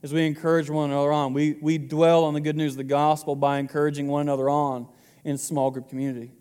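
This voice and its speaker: A man's voice: a little high, flat delivery, fast talker, darkish tone, smooth, big-room sound. A man in his twenties preaching a sermon to his congregation in a casual, joking way. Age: 20s. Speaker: pastor.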